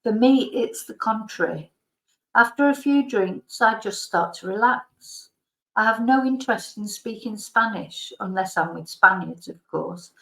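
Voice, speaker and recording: A woman reading her own memoir aloud as a bedtime story, calm and frank with dry self-deprecating humour. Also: medium pitch, vocal fry, reverberant, poor audio. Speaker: YouTube storyteller and Spanish teacher.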